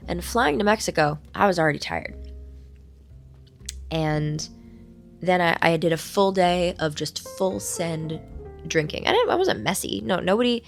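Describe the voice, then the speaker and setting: Woman, hoarse, gravelly, lowish voice, playful rambling vlog chat, hotel room, faint music behind. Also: animated, measured pace, pauses often, a bit bright. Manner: playful, rambling and self-mocking. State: hoarse, recovering voice. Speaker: vlog host. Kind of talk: casual chat to camera.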